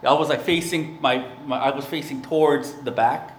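Man, pastor, earnest conversational sermon, mid pitch, echoey church room, faint ambience. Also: fairly even intonation, normal speed, a little hiss or hum. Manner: earnest, conversational preaching with fillers.

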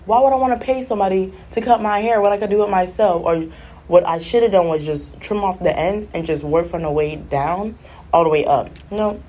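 A woman's voice: medium pitch, brisk, warm tone. A woman chatting casually on a vlog, telling a rambling, exasperated story. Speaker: vlogger. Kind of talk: casual chat.

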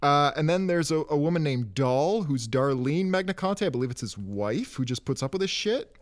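A man with a somewhat high voice hosts a laid-back comic-book discussion. He talks in loose, meandering runs, dropping jokes along the way. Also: lively intonation, moderate pace. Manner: rambling, joking. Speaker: podcast host. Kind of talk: casual comic-book chat.

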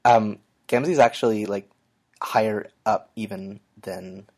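A man co-hosting a podcast in casual chat, speaking haltingly with many fillers. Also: on the low side. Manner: halting, full of "like" and "um". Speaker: podcast co-host and editor.

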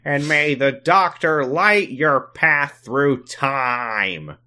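A syrupy, high-pitched man drawls blessings out word by word, as a podcaster puts on a silly voice. The delivery is slow and sing-song, pitched well above the speaker's natural register, with a bright, forceful edge. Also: lively intonation, full character voice. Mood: solemn.

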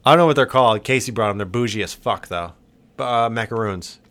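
A man's voice: lowish voice, fast talker, fairly bright tone. A young man co-hosting a podcast in casual chat, laughing and swearing freely. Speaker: podcast co-host.

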